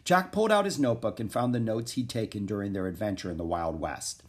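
A man narrating a children's chapter book in a steady, measured reading voice. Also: on the low side. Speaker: audiobook reader.

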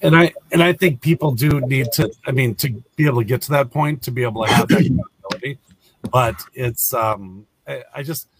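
A man co-hosting a casual chat, voicing opinions in a hesitant, soft-spoken way. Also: mid-range voice, a little fast, hardly any pauses, slight background noise, rough recording.

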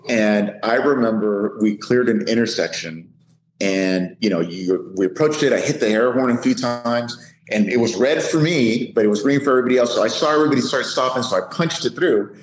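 Middle-aged police sergeant, animated storyteller in a roomy space with faint background hiss. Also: male voice, medium pitch, brisk. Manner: lively, laughing anecdote teller. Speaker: police sergeant, podcast guest.

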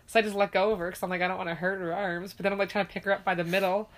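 A woman's voice: mid-range voice, level tone, rapid-fire. A woman, a mother, chatting casually and candidly, swearing freely and acting out quoted lines. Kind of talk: casual chat.

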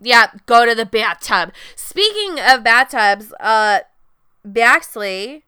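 Bright, crisp-voiced woman telling profane stories. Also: a little high, takes it slowly, dry recording. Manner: profane, animated storytelling with quoted voices. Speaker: podcast co-host. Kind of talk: casual chat.

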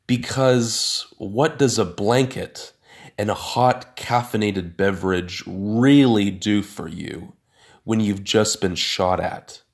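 A man narrating a first-person story with dry, sardonic asides. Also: lowish voice.

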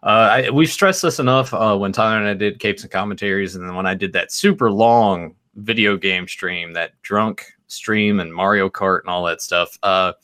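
A man co-hosting a casual live stream about toys, speaking haltingly with stammers and many uhs. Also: fairly low pitch, bright, forceful tone, clean tone. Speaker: co-host of a toy-collecting live show.

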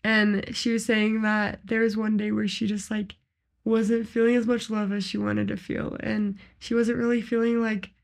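A woman's voice: mid-range voice, flat delivery, moderate pace, gravelly. A young woman co-hosting a podcast, sharing faith in an earnest, heartfelt casual chat full of "like" fillers. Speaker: podcast co-host.

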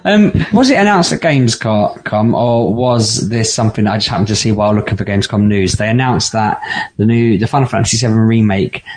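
A man co-hosting a casual podcast chat, blunt and animated when telling stories. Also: fairly low pitch, fairly quick, hardly any pauses, husky. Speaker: podcast co-host.

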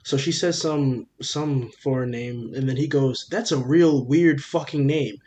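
A young man, a podcast co-host, telling a story in casual chat, animated and profane, acting out what everyone said. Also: medium pitch, a little hiss or hum. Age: young adult. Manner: animated, profane, rapid retelling with quoted dialogue.

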